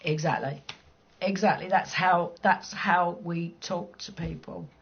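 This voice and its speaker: A woman's voice: on the low side, steady tone, a little slow, gravelly, lo-fi sound. A middle-aged woman with a London accent, chatting casually and bluntly with viewers during a game stream, cheeky and swearing freely. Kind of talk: casual chat.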